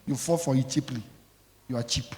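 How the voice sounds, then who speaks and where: This pastor speaks a little fast in a mellow, medium-pitched voice, delivering an emphatic, scolding sermon at church. He keeps throwing questions to the congregation for them to answer, and the hall echoes around him.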